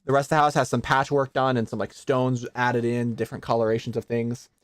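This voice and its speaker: A man's voice: medium pitch, level tone, fairly quick, dry recording. A young man narrating as game master of a tabletop role-playing game, casual, with many fillers and frequent laughs.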